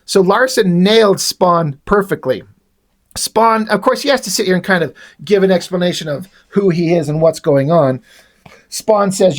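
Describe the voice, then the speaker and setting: A man's voice: high voice, moderate pace. A man giving a casual, profane, sardonic recap of a comic book.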